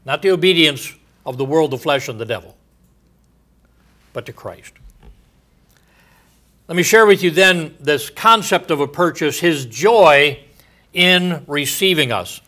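A man, likely older, delivering a sermon slowly and deliberately, letting his phrases trail off softly at the ends. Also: a little high, expressive. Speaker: preacher.

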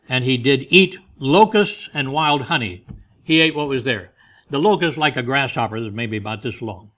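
A man giving a Bible teaching, reading scripture and explaining it in a relaxed, conversational way with light humorous asides. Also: medium pitch, normal speed. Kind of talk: informal Bible study sermon.

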